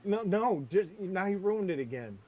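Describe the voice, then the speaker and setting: A man's voice: sits high, expressive, moderate pace, a crowd in the background. A man hosting a casual chat, playful, throwing out bold opinions and laughing often. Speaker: host.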